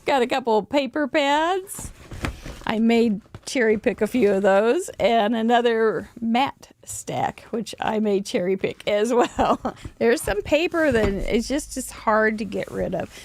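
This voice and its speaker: A woman hosting a crafting show, chatting warmly about mail and cards with frequent little laughs. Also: fairly high pitch, takes it slowly. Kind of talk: casual chat over a card slideshow. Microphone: desk microphone.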